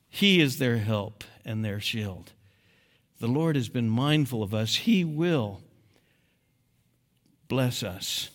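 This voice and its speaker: A man preaching a sermon as pastor, emphatic, moving between quiet, low passages and loud, rising exhortation. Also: animated, slow, pauses often. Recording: long hall reverb.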